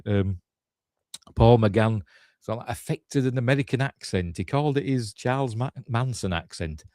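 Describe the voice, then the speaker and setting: A man from Yorkshire with a broad regional accent talks through a film scene by scene in a casual, rambling commentary. His voice sits low, and he chuckles as he goes. The recording is dry, with no room sound. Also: darkish tone, dry recording. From Yorkshire, England. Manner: rambling, chatty retelling full of fillers and asides, chuckling. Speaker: film reviewer, channel host.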